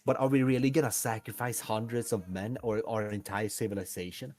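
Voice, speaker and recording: A man's voice: fairly low pitch, steady tone, brisk, darkish tone, soft background music. A man, co-hosting a casual podcast and loosely brainstorming a story idea. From Sweden. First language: Swedish. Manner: rambling, loose and full of fillers. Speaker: podcast co-host.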